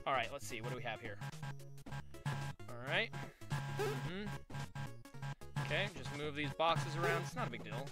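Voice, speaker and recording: A man's voice: mid-range voice, expressive, measured pace, pauses often. A man hosting a gaming channel, giving goofy, self-mocking let's play commentary. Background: game music.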